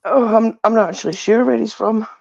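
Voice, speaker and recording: A woman's voice: fairly high pitch, a little fast, vocal fry, a little mellow, dry recording, lo-fi sound. A Scottish woman on a live stream panel, talking wryly and laughing often. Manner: wry, laughing. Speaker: panel guest. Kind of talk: casual chat on a live stream.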